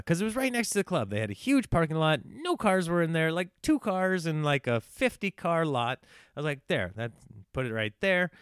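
A young man tells a story in a relaxed, chatty way, slipping into the voices of the people he quotes. His tone is smooth and resonant, picked up close with no room sound. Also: mid-range voice, no echo. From small-town United States. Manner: animated, acts out quoted dialogue, frequent fillers and restarts. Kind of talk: casual storytelling monologue.

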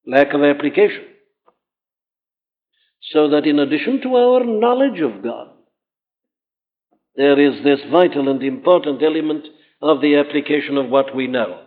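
Tinny old sermon recording, emphatic preacher. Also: male voice, a little high. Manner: earnest, emphatic, rising to exclamations. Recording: tinny phone-like old hall recording with long reverb.

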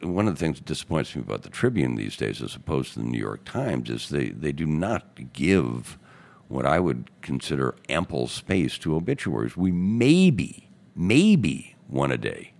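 An older man from Chicago, a newspaperman and radio host, telling animated anecdotes as a guest in a podcast studio. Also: extremely low pitch, moderate pace, creaky. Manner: animated anecdotes, acting out quotes in other voices. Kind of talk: casual storytelling interview.

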